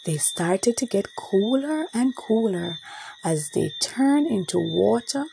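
A woman narrating a children's storybook in an expressive storytelling manner. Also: medium pitch, slow pace, creaky, slight background noise, poor audio.

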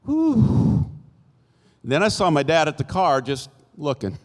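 A man in his sixties gives a sermon-style testimony from a church stage, his voice sitting a bit higher than most men's. He spins his story in a folksy way, slipping into the voices of the people in it. The sound carries a long church-hall reverb. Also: moderate pace. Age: 60s. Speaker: church speaker giving testimony. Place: church sanctuary.

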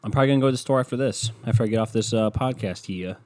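A man's voice: fairly low pitch, racing, darkish tone. A young man hosting a podcast alone, ranting casually with lots of swearing and sarcasm. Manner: profane, sarcastic, rambling. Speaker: podcast host. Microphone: podcast microphone.

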